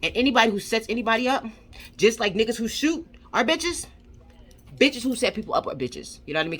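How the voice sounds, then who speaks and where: A woman's voice: fairly high pitch, lively intonation, fast talker, a bit bright, husky. Heated, swearing woman vlogger. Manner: heated, profane, repetitive, rhetorical questions. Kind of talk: angry commentary rant.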